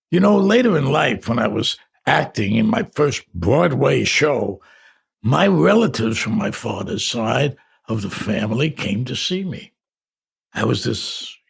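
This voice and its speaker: An older New man reads his memoir aloud in a deeply gravelly, husky voice. He drifts back through memories with halting restarts and casual asides. His pitch rises and falls a lot. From New York. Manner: reflective, halting, with conversational asides. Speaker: memoir narrator. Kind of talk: audiobook memoir narration.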